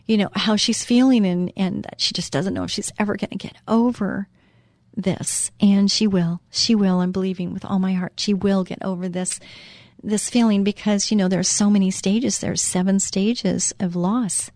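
Earnest faith talk-show hostess. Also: female voice, medium pitch, steady tone, moderate pace, darkish tone, no room sound, studio quality. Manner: earnest and heartfelt, with frequent fillers and restarts. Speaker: radio show host. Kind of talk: inspirational Christian talk.

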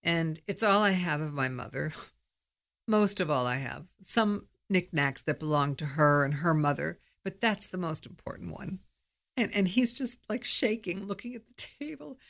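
A woman's voice: lowish voice, lively intonation, moderate pace, a bit bright. A middle-aged woman hosting her own podcast, talking candidly in a chatty, storytelling monologue. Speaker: podcast host. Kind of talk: casual monologue.

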